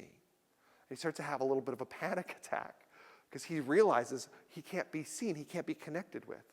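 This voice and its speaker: Lively man telling stories in a hall. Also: sits high, a little fast. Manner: storytelling, acts out voices for effect. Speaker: keynote speaker. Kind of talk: humorous keynote talk. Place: large conference hall. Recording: long hall reverb.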